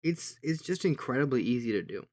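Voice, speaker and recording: Young guy rambling on a podcast, laughing at his own bits, mid-pitch voice. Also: lively intonation, fairly quick, darkish tone. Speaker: podcast co-host. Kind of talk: casual chat.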